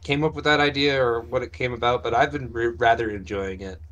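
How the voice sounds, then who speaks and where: A man co-hosting a casual podcast chat, excitable and laughing often, on a home mic. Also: medium pitch, fairly quick, a little hiss or hum. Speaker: podcast co-host.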